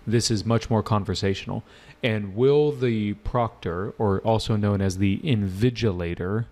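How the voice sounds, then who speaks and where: Emphatic lower-voiced male teacher. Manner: energetic, repeats points for emphasis, asks students questions. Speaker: English test-prep teacher. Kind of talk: live online lesson.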